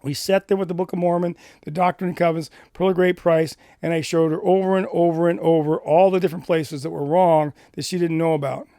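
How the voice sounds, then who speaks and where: A middle-aged man from Washington State telling a personal ministry story in an animated way, acting out the dialogue. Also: fairly high pitch, a little fast, few pauses, no echo, studio quality. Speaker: Christian ministry speaker.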